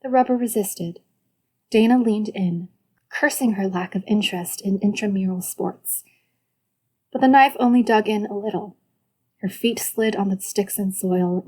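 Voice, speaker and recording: A woman's voice: medium pitch, darkish tone. Woman narrating a story steadily. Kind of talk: scripted audiobook narration.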